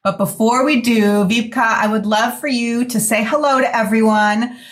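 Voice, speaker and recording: A woman hosting a podcast, introducing her guest with enthusiastic, effusive warmth. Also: on the high side, fairly even intonation, normal speed. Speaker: podcast host.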